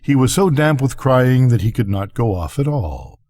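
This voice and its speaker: A man's voice: mid-range voice, big pitch swings, normal speed, a little mellow. An older man, a grandfather, reading a bedtime story aloud expressively.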